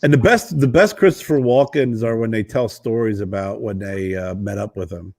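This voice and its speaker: A man co-hosting a podcast in casual chat, telling animated stories with frequent laughs and restarts. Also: lowish voice, moderate pace, dry recording. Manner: animated storyteller, laughs often, rambling restarts. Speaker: podcast co-host.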